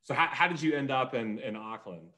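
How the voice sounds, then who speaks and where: Man, casual interview host, self-deprecating, mid-pitch voice. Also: a little fast, sharp tone. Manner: easygoing, self-deprecating, hesitant. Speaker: podcast host.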